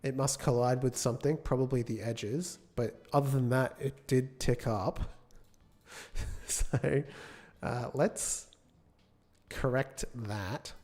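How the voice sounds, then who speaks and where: A man's voice: medium pitch, takes it slowly, darkish tone. A man gives casual live-coding commentary as a game developer, thinking aloud, correcting himself and chatting with viewers. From United Kingdom. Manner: chats with viewers between tasks.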